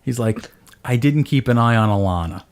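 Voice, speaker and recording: Animated man telling a family story. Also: medium pitch, moderate pace. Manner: animated, acts out his own yelling in quotes. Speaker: podcast host. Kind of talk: casual storytelling chat.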